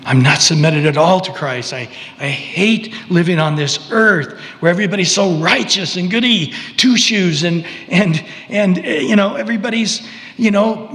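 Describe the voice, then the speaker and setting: A man's voice: high voice, fairly bright tone, in a large hall, pitched above the performer's own voice. Preacher doing a whiny rebellious man. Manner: whiny, rambling complaint. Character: resentful rebellious man sick of righteousness.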